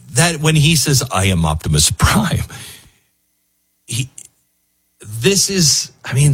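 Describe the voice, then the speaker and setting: A radio host chats casually on air in a loose, emotional style, full of fillers and restarts. His voice is fairly low and husky, recorded with clean studio sound and no echo.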